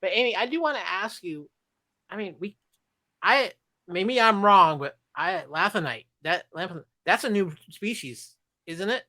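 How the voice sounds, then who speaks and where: A woman's voice: mid-range voice, animated, a little slow, pushed and bright. A woman hosting a fan podcast panel, talking casually with hesitant restarts and handing turns to others. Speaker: podcast host.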